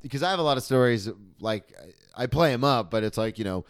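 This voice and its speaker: A young man hosting a casual podcast chat, relaxed and talkative, asking follow-up questions. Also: mid-range voice, fast, clean tone, no echo, clean studio sound. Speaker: podcast host.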